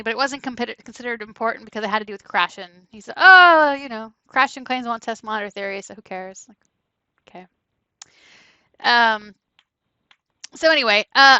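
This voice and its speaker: Bright-toned woman lecturing casually. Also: a little high, no echo, low-quality recording. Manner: conversational, frequent "right?" checks, animated asides. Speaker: university lecturer. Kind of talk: classroom lecture.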